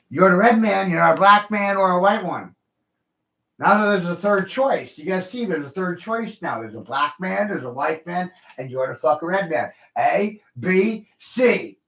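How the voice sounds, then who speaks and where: A man rants with heated profanity in a loose podcast conversation. His voice sits a little high. The recording is roomy and echoey, with a dull, lo-fi tone. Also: a bit bright. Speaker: podcast host. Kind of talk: casual podcast rant.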